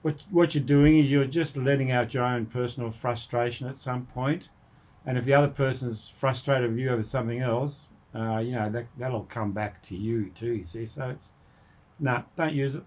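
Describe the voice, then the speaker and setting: A man's voice: medium pitch, fairly even intonation, moderate pace, darkish tone. Man, radio co-host; casual, rambling chat, acts out quoted insults. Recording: radio studio.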